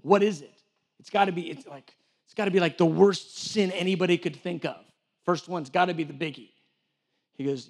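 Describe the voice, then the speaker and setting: A church director preaches a sermon in a high-pitched, brisk voice that is a little mellow. He talks casually, acting out imagined back-and-forth conversations, and often stumbles and restarts his sentences.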